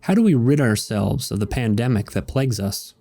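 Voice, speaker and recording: An eager male rat asking in earnest, put on by a man reading a comic strip. The voice is pitched up above his usual speaking voice, with a mellow tone. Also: lively intonation, a little fast, vocal fry, no echo.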